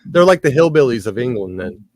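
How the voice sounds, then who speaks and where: A man's voice: medium pitch, sing-song, a little fast, no echo. A man co-hosting a casual online chat, wisecracking and pressing with follow-up questions. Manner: wisecracking, asks pointed follow-ups.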